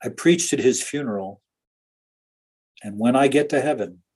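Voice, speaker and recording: A pastor with a husky, slightly breathy voice recounts stories from his life in an earnest, anecdotal way. He sits at a middle pitch for a man, and his telling runs on with small restarts and laughs. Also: moderate pace, darkish tone. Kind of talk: storytelling in an interview.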